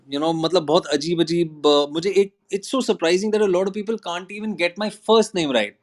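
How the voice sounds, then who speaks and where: Quick-talking man, hesitant. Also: on the high side. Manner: earnest, hesitant, many restarts and fillers, mixes in Hindi. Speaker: actor and guest. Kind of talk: casual chat on an audio app.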